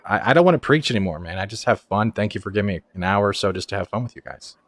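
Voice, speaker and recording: A man's voice: fairly low pitch, racing, no room sound. A man who is a guest on a casual panel stream, talking in a grateful, casual way. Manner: grateful, warm thank-yous, casual.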